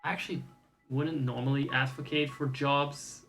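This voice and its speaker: Male streamer, wry, swears a lot, rambling, mid-pitched voice. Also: little pitch movement, moderate pace, a bit bright, faint music behind, poor audio. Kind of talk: casual gaming commentary.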